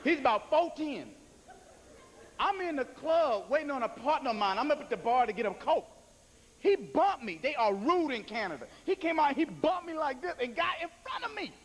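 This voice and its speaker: High-voiced animated stand-up comedian. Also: male voice, moderate pace, rough recording. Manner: loud animated storytelling, acts out voices. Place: comedy club stage.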